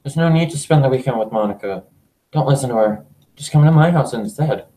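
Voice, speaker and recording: A man's voice: mid-range voice, expressive, a little fast, dark tone, lightly acted. A man reading an obsessive lovesick young woman. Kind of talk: reading game dialogue aloud. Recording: echoey room.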